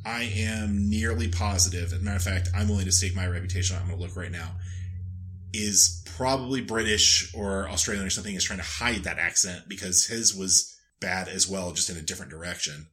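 A man's voice: sits low, a little fast, fairly bright tone, slight background noise. A man co-hosting a podcast, recapping a TV show in wry, rambling, sweary casual chat. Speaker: podcast co-host.

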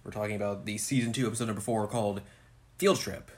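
A woman's voice: extremely low pitch, steady tone, a little mellow. A woman co-hosting a podcast, casually recapping an anime episode and playfully acting out characters. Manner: playful, acts out characters in quick bursts. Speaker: podcast co-host.

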